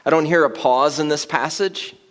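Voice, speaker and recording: A man preaching a sermon in a casual, conversational way. He grows louder and more excited at times and laughs while he talks. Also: fairly high pitch, moderate pace. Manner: conversational, builds to loud excited emphasis with laughter. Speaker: pastor.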